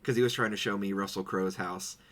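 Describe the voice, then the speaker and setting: A man's voice: low voice, steady tone, fairly quick, fairly bright tone. A man co-hosting a podcast in casual chat, telling stories with goofy put-on quotes. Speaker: podcast co-host. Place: home streaming setup.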